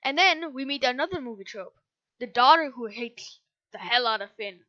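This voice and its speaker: A woman's voice: fairly high pitch, expressive, normal speed, no echo. A woman recapping a movie in a casual, rambling way, sarcastic and often correcting herself. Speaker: movie reviewer. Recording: dull lo-fi dry recording.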